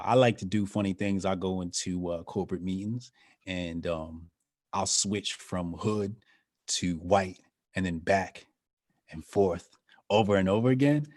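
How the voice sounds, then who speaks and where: A man's voice: sits low, measured pace, darkish tone, no room sound, clean studio sound. A man hosting a casual conversation, emphatic and often tagging his points with questions. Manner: emphatic, frequent tag questions. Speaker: host.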